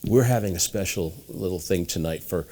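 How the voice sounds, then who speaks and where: Low-voiced man telling rambling stories. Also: fairly quick, mellow. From New England, USA. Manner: rambling anecdotal storyteller, acting out quoted voices. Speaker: guest mentalist. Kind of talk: storytelling interview.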